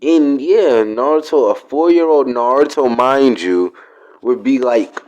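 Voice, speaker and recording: A man's voice: mid-range voice, unhurried, darkish tone, low-quality recording. A man telling a made-up story in a rambling, slangy, profane way. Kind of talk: casual fan-fiction storytelling.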